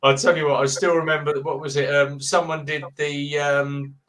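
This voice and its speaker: Fifty-something guy on a late night live stream, kinda high voice, rambles and cracks jokes. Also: level tone, moderate pace, a bit bright. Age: 50s. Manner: rambling, jokey, does voices in anecdotes. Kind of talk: casual live chat with friends.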